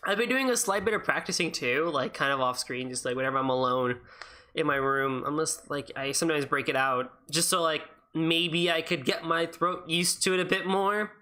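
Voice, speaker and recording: Chatty, hoarse woman gamer, low and bright. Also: normal speed. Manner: chatty, rambling, swears freely. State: hoarse throat. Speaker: let's-play streamer. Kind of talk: casual gaming chat.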